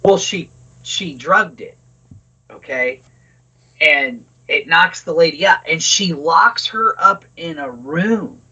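A man co-hosts a loose podcast chat, rambling and swearing. His voice swings up and down a lot and is bright with a husky edge. The recording sounds dull and lo-fi. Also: fairly high pitch, lively intonation, slow pace. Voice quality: rambling, profane, lots of fillers. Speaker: podcast co-host. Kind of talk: casual chat.

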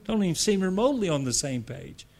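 Quick-paced and high-voiced, a very animated American man gives a sermon to church leaders. He leans on repetition, speaks conversationally with asides, and escalates into loud, emphatic declarations.

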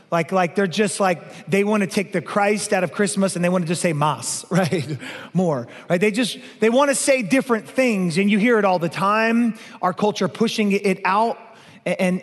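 Male pastor, emphatic sermon delivery with playful asides; higher voice, long hall reverb. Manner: playful, emphatic preaching, slows way down on key lines.

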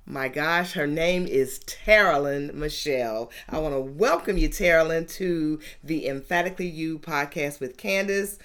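Low-voiced woman from Georgia hosting. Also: unhurried, hardly any pauses, a bit bright. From Georgia, USA. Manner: upbeat, emphatic, sing-song intro. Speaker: podcast host. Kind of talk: podcast interview.

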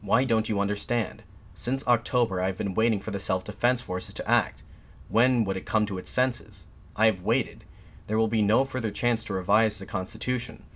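A man voicing a defiant nationalist addressing soldiers from a balcony, in an impassioned, shouted pleading manner. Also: on the low side, normal speed. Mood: fervent, shouting.

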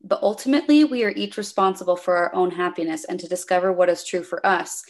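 A woman's voice: fairly low pitch, quick pace, a little mellow. A woman on a podcast telling a story in casual conversation, animatedly acting out both sides of an imagined dialogue. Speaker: podcast guest.

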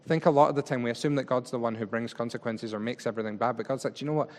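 A man's voice: medium pitch, rapid-fire. A man preaching a conversational sermon, chatty and informal, acting out paraphrased speech as he explains a text. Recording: long reverb of a large hall.

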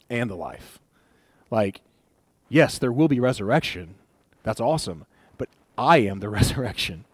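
A pastor delivers a sermon in a relaxed, conversational style, voicing the figures from the scripture he reads with animation. His voice sits at a medium pitch, and there's no room sound.

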